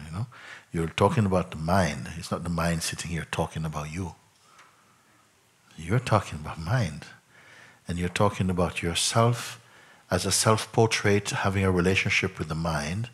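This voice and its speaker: A man as a spiritual teacher in a satsang, probing a questioner by repeating questions back in slow, reflective phrases. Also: deep voice, husky. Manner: slow, reflective phrasing with frequent "you know" and "no?". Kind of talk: satsang talk answering a questioner.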